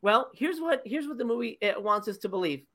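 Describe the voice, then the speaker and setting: A woman's voice: fairly high pitch, animated, fairly quick, fairly bright tone. Woman, podcast co-host, exasperated, profane, mocking impressions of scenes. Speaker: podcast co-host reviewing a movie. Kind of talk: casual podcast chat.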